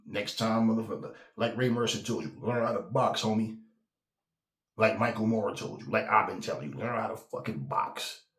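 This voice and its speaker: A man's voice: on the low side, normal speed, fairly bright tone. A man, host of a boxing talk channel, rants in a heated, profane, emphatic way. He repeats himself for emphasis. The sound is roomy, with noticeable echo off the walls. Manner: profane, emphatic, repeats himself, slips into mocking quoted voices. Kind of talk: heated casual rant.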